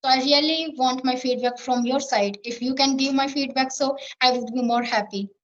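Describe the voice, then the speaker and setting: A woman's voice: high voice, steady tone, normal speed, lo-fi sound. A woman with an Indian English accent, an English learner speaking earnestly and eager for feedback. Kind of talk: conversation practice.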